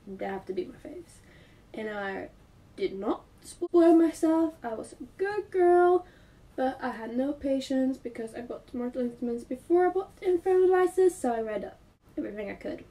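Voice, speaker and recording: A woman book vlogger with a cold, chatting in a casual, excitable way and rambling with filler words. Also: fairly high pitch, moderate pace, distant mic. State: congested with a cold. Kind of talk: casual book review chat.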